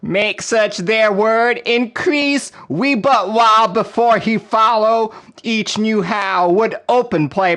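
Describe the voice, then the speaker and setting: A man's voice: sits high, fairly bright tone, voice pushed up. A man putting on a put-on Southern US accent to read nonsense words as dramatic spoken word. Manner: dramatic, halting, raised voice.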